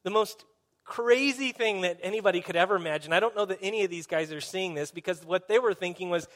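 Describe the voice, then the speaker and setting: A man's voice: high voice, fast, a bit bright. A man as a pastor, preaching a sermon in an earnest, conversational storytelling way.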